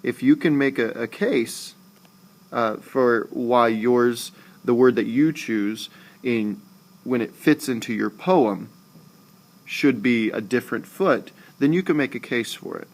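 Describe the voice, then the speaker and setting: A man teaching a screencast lesson, explaining slowly and patiently and saying syllables aloud with exaggerated stress. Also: mid-range voice. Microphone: tablet recording.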